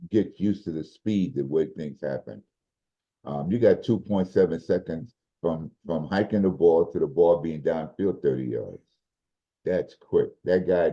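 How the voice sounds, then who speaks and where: A man co-hosting a sports podcast, casually breaking down football games in a measured way, restarting his sentences as he thinks. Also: low voice. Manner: measured, explains with repeated restarts. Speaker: podcast co-host, football analyst. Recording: dull lo-fi audio.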